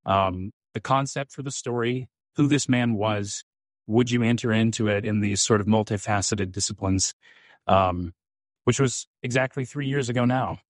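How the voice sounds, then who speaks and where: Animated man telling a story as a guest. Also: lowish voice, moderate pace, no echo, studio quality. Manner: animated, quotes himself, frequent "um". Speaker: actor, interview guest. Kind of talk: conversational storytelling.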